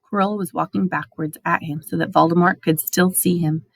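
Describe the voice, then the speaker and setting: Expressive woman reading a story aloud. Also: on the low side, moderate pace, gravelly, dry recording. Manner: expressive, dramatic. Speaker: audiobook reader.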